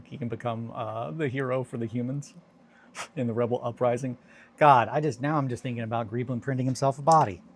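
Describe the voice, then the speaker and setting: A man's voice: medium pitch, a little mellow, a little hiss or hum. A man chatting casually on a hobby live stream, rambling and joking while he mutters to himself over his work.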